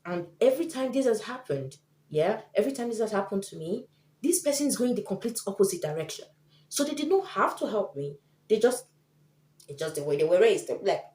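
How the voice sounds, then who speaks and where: A woman's voice: mid-range voice, very animated, a little fast, darkish tone. A woman vlogger giving tips in casual chat to camera, chatty and often acting out the people she quotes. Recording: echoey room.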